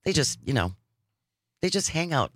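A man's voice: on the high side, big pitch swings, normal speed, fairly bright tone, dry recording. A man hosting a political talk radio show, reading news items and joking sarcastically with his co-host in a studio. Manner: wry, sarcastic, reads news items aloud. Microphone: studio microphone.

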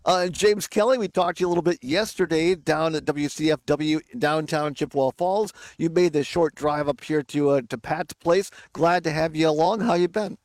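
A man's voice: on the high side, moderate pace, hardly any pauses, a little mellow, no echo. A man hosting a casual radio talk show outdoors by a lake, upbeat and chatty, laughing easily.

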